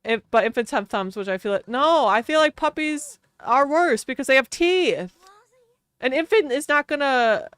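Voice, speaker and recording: Smooth-voiced woman chatting on stream. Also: high voice, expressive, moderate pace, a bit bright, dry recording. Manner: rambling, self-mocking storytelling. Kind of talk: casual chat while streaming a life-sim game.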